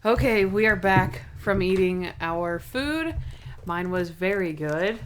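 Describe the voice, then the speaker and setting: A young woman co-hosting a podcast, chatting casually and excitedly with many fillers. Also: mid-range voice, slow, a little hiss or hum. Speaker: podcast co-host. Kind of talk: casual chat.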